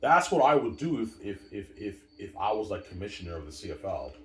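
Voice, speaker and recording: A man's voice: lowish voice, big pitch swings, brisk. A man giving a rambling, emphatic sports monologue, repeating himself and turning to his viewers to drive each point home. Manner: repetitive, emphatic, keeps saying obviously and addressing viewers. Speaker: sports commentator. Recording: roomy sound from a distant mic.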